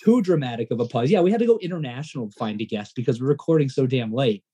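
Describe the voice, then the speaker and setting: Excitable, rambling male podcast co-host. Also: medium pitch, fast. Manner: excitable, rambling, voice jumps up when worked up. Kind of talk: casual podcast banter.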